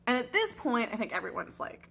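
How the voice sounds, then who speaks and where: A young adult woman, a teacher, telling a chatty, expressive storytime vlog with lots of fillers. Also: on the high side, brisk, vocal fry, husky.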